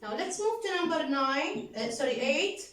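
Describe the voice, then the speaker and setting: A woman teaching an English workbook lesson with an Arabic accent, slowly repeating answers and prompting the class with questions. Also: sits high, expressive, a bit bright, echoey room, poor audio. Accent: Arabic-speaking. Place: classroom with a board.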